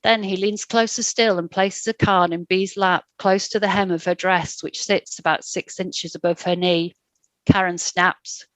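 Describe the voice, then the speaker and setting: A woman reading her own short story aloud in a calm, measured way. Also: lowish voice, no echo.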